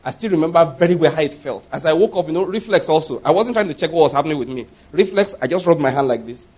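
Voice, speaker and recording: A middle-aged man preaching a sermon, telling personal stories with animated quoted voices and laughing at his own tales. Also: a little high, fast talker, husky. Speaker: pastor.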